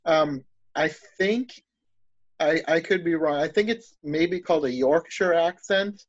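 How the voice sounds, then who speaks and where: A man with a slightly high voice talks eagerly in casual chat. He rambles and restarts as he thinks aloud. The recording is dull and lo-fi, with a dry, close sound. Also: unhurried, no room sound.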